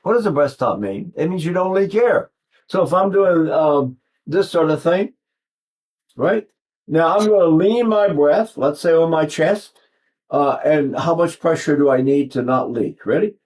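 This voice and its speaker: A man's voice: on the high side, lively intonation, unhurried, a little mellow. A man in his eighties giving an informal singing lesson, rambling and digressive, often breaking off to demonstrate vocal sounds. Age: 80s. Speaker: voice teacher.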